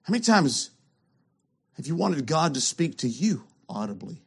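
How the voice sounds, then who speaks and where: A man preaching with a notably high voice. He leans hard on key words and asks pointed rhetorical questions. He drops to hushed lows before rising again. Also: very animated, moderate pace, gravelly, husky. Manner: emphatic, rhetorical questions, swings between loud and hushed. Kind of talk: sermon.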